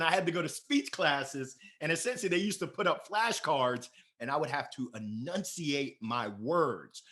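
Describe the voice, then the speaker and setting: Energetic man from Maryland, slightly higher voice, playful storyteller, casual podcast guest. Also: normal speed, few pauses. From Maryland, USA. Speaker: podcast guest, sales director.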